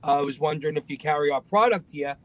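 A lively man tells his story as a guest, and his voice sits a bit high for a man. He jumps into other people's voices as he goes, keeping the telling loose and casual. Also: quick pace, poor audio. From Long Island, New York.

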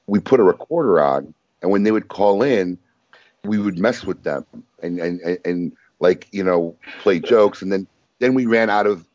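A man with a very deep, lively voice tells stories as host of a casual talk show. His voice moves a lot as he speaks. The sound is dry and a little dull. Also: no room sound. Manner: animated storyteller, laughs often. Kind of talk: casual chat.

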